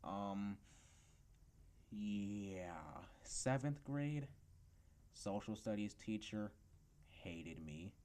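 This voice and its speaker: Low-voiced teenage boy ranting casually. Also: dark tone. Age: teens. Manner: rambling storytelling with many fillers. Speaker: podcast host. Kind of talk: casual rant.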